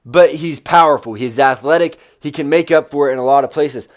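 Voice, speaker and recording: A man hosting a fight preview show, talking in an energetic, rambling way and swearing casually. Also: fairly high pitch, a little fast. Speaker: podcast host.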